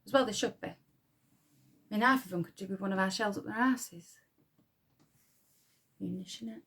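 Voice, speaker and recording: An actress playing a blunt, defiant young wartime munitions worker with a Yorkshire accent, who swears freely and talks with scorn. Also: female voice, medium pitch, normal speed, vocal fry, fairly bright tone, slightly rough. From Yorkshire, England. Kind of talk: dramatic monologue.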